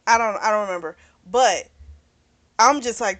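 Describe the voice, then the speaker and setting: A woman's voice: medium pitch, moderate pace, fairly bright tone, no echo. A woman reviewing a book, casually retelling its plot in a candid, rambling way with frequent fillers and self-corrections. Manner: candid and chatty, frank about explicit scenes.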